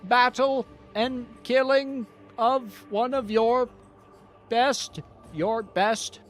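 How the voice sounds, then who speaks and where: A man's voice: very high-pitched, fairly even intonation, drawn-out words, a bit bright, faint music behind, voice pushed up, exaggerated voice. A man voicing an impatient male enemy herald who presses hard and swears. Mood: pressuring.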